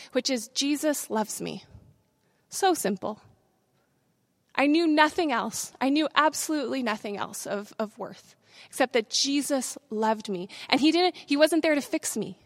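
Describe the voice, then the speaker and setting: High-voiced woman giving a sermon testimony. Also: no echo. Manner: swings from hushed confession to loud, fast preaching.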